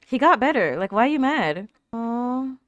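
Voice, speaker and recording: A young woman casually commenting on a show as she watches, chatty and quick to exclaim and talk back at the screen. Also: fairly high pitch, sing-song, dry recording, highs cut off. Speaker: anime reaction host.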